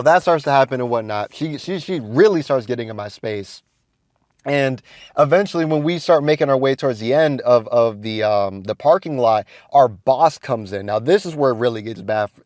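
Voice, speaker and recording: A man's voice: medium pitch, no echo, studio quality. Slangy young man telling a story. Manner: slangy, rambling, peppered with "you feel me" and "whatnot"; animated, swings from hushed to excited. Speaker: vlogger. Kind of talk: casual storytelling vlog.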